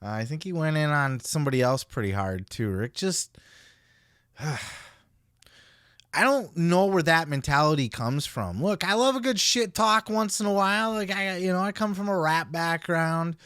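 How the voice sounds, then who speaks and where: A man's voice: on the high side, expressive, moderate pace, a bit bright, clean tone, no room sound, studio quality. Blunt, swearing podcast host, man. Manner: blunt, profane, opinionated. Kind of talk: casual podcast commentary.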